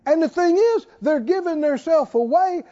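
Very high-voiced man preaching, lively. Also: moderate pace, lo-fi sound. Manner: emphatic, with repeated rhetorical questions. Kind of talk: sermon.

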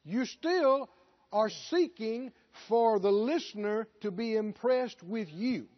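A male preacher with a high voice delivers a sermon full of emphatic rhetorical questions. The recording is dull and lo-fi. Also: animated, takes it slowly.

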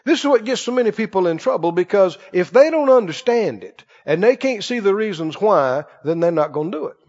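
A man's voice: high-pitched, animated, brisk, darkish tone. A man preaching a sermon to a congregation, telling folksy stories and often asking them "Right?". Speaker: pastor. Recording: dull lo-fi church recording with long reverb.

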